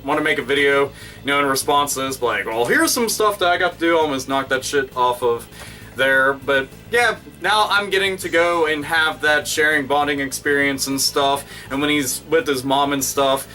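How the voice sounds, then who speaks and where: A man's voice: medium pitch, steady tone, moderate pace. Profane, rambling man vlogging. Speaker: YouTube vlogger. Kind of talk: casual vlog monologue. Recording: bright voice, somewhat distant mic, faint music.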